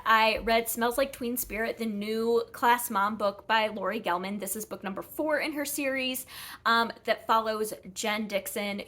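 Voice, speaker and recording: A woman with a slightly high, somewhat bright voice chats casually through her monthly book reviews. She rambles, often saying "um" and correcting herself, and sounds a little out of breath.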